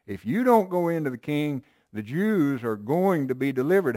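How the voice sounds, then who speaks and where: A man's voice: fairly high pitch, big pitch swings, normal speed, hardly any pauses, warm tone, dry recording, clean studio sound. A man preaching a sermon, reading Bible verses and explaining them in an emphatic, conversational way, often checking with listeners.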